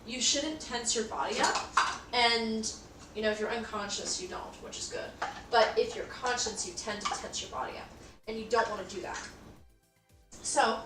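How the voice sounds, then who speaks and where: A young woman streaming from her kitchen, telling a story in a blunt, nonchalant way and swearing freely while she does the dishes. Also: fairly high pitch. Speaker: livestreamer. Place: home kitchen. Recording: roomy kitchen, far from mic, clattering dishes. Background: dishes and pots clattering.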